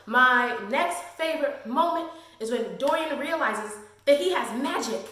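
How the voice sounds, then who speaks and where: A woman giving a casual, gushing book review vlog, full of slang and fangirl excitement. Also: high-pitched, measured pace. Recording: very echoey room.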